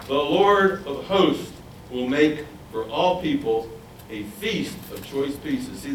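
A slightly high male voice carries this animated sermon, full of questions for the audience and acted-out voices. It's recorded from afar in a roomy space, with faint ambience and slight background noise.

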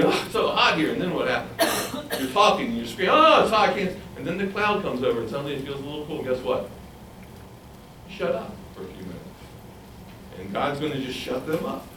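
A fairly high-pitched male voice preaches with animation, questioning his listeners and acting out voices. Slight background noise sits under a roomy, distant recording with faint ambience.

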